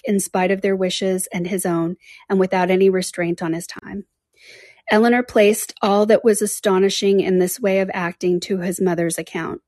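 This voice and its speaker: A woman reading a classic novel aloud in a measured, careful way. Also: mid-range voice, a little mellow, no echo. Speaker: audiobook reader.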